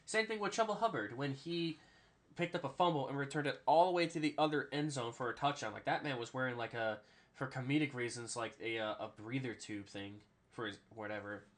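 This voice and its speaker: Young male podcast co-host, lively sports chatter, quick to laugh and mimic players. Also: medium pitch. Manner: animated, laughs often, does player impressions. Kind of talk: casual sports chat.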